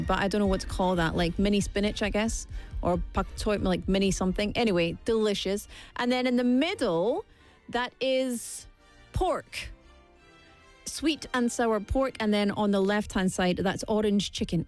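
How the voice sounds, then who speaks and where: A young woman chatting playfully to camera in a vlog, full of jokey asides. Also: mid-range voice. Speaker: vlogger. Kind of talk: casual chat to camera.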